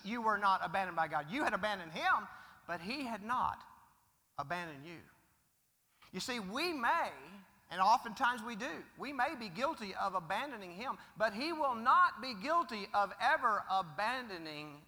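A man preaching a sermon as pastor, swinging from loud declarations to hushed asides. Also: sits high, sing-song, normal speed. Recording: long reverb of a large hall.

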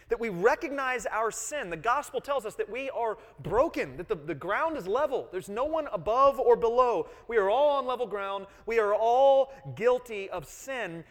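A man in his thirties preaching a sermon, earnest, explaining and repeating key phrases and putting questions to the congregation. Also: high voice. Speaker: pastor. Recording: long hall reverb.

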